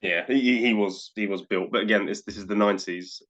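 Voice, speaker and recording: Guy co-hosting a podcast, lowish voice, rambles and repeats himself, kinda muffled audio. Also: fairly quick, fairly bright tone. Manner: rambling, repeats words while recapping. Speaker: podcast co-host. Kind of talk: casual wrestling review chat.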